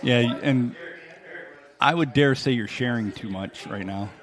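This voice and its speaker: A man's voice: medium pitch, unhurried, a bit bright. A man co-hosting a podcast live from a tavern, teasing his friend with dry sarcasm. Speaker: podcast co-host. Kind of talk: comedic bar banter.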